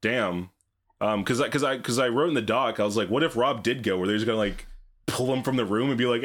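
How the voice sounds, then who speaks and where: A man's voice: medium pitch, fast talker. A man talking casually and ramblingly in a book discussion podcast, swearing freely. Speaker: podcast co-host.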